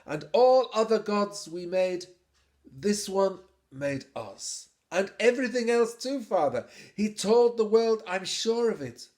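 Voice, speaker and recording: A man voicing a gentle, patient middle-aged man speaking earnestly. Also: high-pitched, animated, slow pace, pitched above the performer's own voice.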